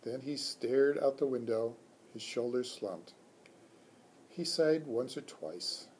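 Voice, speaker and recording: A man from a school reading a children's book aloud in a calm, measured storytelling manner. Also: mid-range voice, slight background noise. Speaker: school staff reader.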